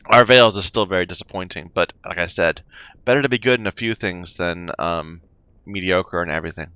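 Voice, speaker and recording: A man's voice: low-pitched, fairly quick, pushed and bright, clean tone, no echo. Chatty man reading game text. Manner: chatty, stumbles over unfamiliar words. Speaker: let's play gamer.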